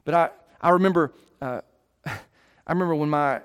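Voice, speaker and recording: High-voiced preaching man in a reverberant hall. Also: fairly bright tone, smooth. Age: 30s. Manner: earnest preaching with emphatic slowed words and repeated restarts. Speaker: pastor. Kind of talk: sermon.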